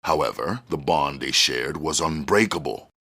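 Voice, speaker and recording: A man reading a novel aloud as narrator in a steady, measured way. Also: rumbling low, gravelly. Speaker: audiobook reader. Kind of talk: storybook reading.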